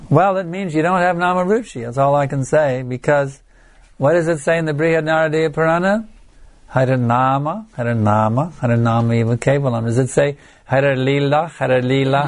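An older man giving an earnest devotional lecture, exhorting his listeners and sometimes acting out chanting. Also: fairly high pitch. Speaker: spiritual teacher.

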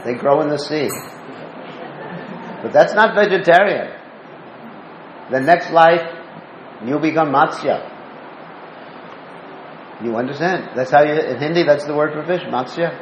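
A man's voice: a little high, measured pace, pauses often, a little hiss or hum. A man giving a devotional talk, telling stories and asking listeners questions. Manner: asks the listeners questions, storytelling. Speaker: spiritual teacher. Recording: roomy dull lo-fi recording with faint ambience.

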